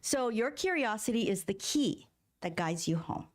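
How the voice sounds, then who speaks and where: A woman's voice: a little high, lively intonation, normal speed. A middle-aged woman minister giving a sermon in a church, talking conversationally, asking the congregation questions and acting out inner voices. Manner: acts out inner voices in quotes. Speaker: guest minister. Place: church sanctuary.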